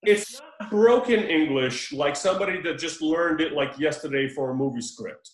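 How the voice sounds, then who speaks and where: A man on a podcast telling a movie scene in casual chat, animated and joking, mimicking the characters. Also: a little high, moderate pace, reverberant, low-quality recording. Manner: animated storytelling with laughs and mimicked quotes. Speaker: podcast co-host.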